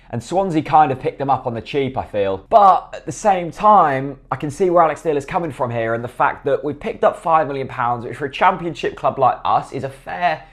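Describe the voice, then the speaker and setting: A man giving blunt, opinionated football commentary to camera, often asking and then answering his own questions. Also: medium pitch. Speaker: football fan vlogger.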